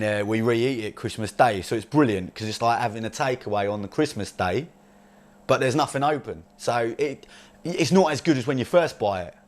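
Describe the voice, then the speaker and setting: A man's voice: mid-range voice, natural voice. A man playing a brash, crude chav with an Essex accent, rambling and swearing in laddish banter as a comedy character monologue.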